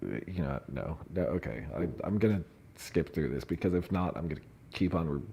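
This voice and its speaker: A man's voice: sits low, animated, normal speed, vocal fry, mellow, slight background noise. A man hosting a casual commentary livestream, reading documents aloud with laughing fits, swearing and mocking asides. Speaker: streamer reading court filings.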